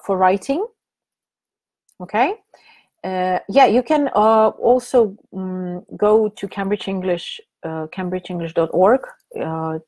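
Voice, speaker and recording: A woman's voice: on the low side, darkish tone. Chatty woman presenting a webinar. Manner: chatty, hesitant, many fillers and restarts. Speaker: teacher trainer presenting a webinar.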